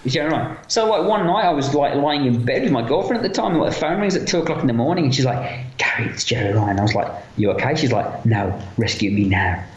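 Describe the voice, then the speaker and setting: A man being interviewed as a guest, telling lively anecdotes with lots of fillers and quoted voices. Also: fairly high pitch, fast talker, hardly any pauses, roomy sound, highs cut off. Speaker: interview guest, effects makeup artist. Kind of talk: casual storytelling interview.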